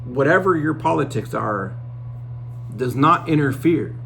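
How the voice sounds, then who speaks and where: A man's voice: fairly high pitch, animated, a little slow, gravelly, fairly bright tone, a little hiss or hum. A middle-aged man giving a sarcastic opinion monologue, telling stories with mock quotes. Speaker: commentator.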